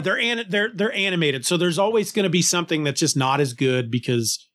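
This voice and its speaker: Podcast cohost, male, voice on the higher side, casual and enthusiastic, lots of restarts. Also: fairly quick. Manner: enthusiastic, lively, many restarts. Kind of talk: casual conversation.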